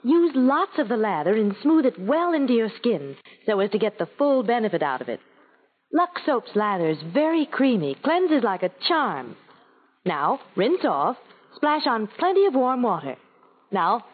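A woman's voice: on the high side, very animated, moderate pace. An actress playing a chatty, bossy woman giving her friend advice in a 1940s radio ad, coaxing and instructive. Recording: tinny 1940s radio broadcast.

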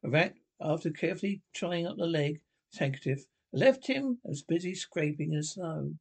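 A man's voice: on the high side, animated, normal speed, gravelly, slightly rough. A man reading a classic children's story aloud, with frequent stumbles and restarts. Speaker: narrator.

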